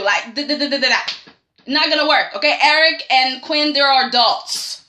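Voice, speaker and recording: Woman, sassy soap recap, chatty, high voice, echoey room. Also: normal speed, pushed and bright. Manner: sassy, chatty, keeps saying "okay?" and "like". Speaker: soap opera reviewer. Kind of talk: casual episode recap. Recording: roomy echo.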